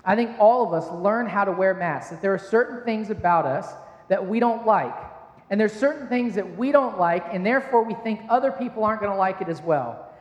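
High-voiced man preaching in an echoey hall. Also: animated, a little fast, dull audio. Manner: conversational, self-deprecating, anecdotal. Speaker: pastor. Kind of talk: sermon with personal storytelling. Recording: echoey hall with long reverb.

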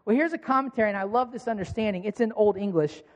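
A man's voice: sits high, quick pace. A man in his thirties, a pastor, giving a conversational sermon with rhetorical questions. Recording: long hall reverb.

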